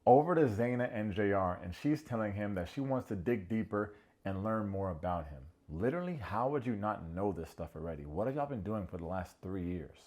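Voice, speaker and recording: A man hosting a comedic reality-show recap, snarky and animated, prone to ranting. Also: fairly low pitch, fairly quick.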